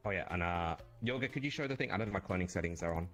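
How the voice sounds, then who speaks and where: A man's voice: low voice, animated, a bit bright, faint music behind. A man streaming a social game, chatting casually and restarting his sentences. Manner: rambling, quick restarts. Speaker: streamer and improv player. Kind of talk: casual chat.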